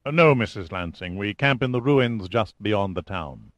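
A man's voice: lowish voice, expressive, measured pace, no room sound. A man voicing a self-assured ex-marine safari leader who speaks in clipped, rehearsed tones, read from a storybook.

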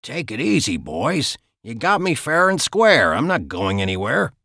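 A man's voice: mid-range voice, wildly swooping pitch, measured pace, pushed and bright, no room sound, studio quality, full character voice. A man voicing a wisecracking male captive who jokes with his captors. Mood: wry. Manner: glib, joking tone. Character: wisecracking captured older man, cheeky.

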